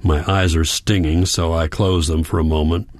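Audiobook narrator, man, low voice, measured reflective first-person read, dry close sound. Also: steady tone, no room sound.

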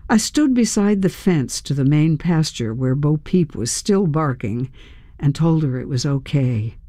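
A narrator reading a tense first-person story aloud in a measured, storytelling manner. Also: medium pitch, animated, warm tone, no echo, clean studio sound. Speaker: audiobook narrator.

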